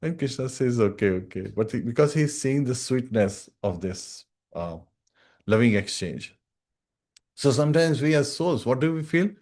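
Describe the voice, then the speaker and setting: Man, devotional scripture talk, earnest and instructive, mid-pitched voice, recites Sanskrit verses. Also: lively intonation, normal speed, a little mellow. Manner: earnest and instructive, addresses listeners as dear devotees; recites Sanskrit verses, often adds "right?". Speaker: scripture class teacher.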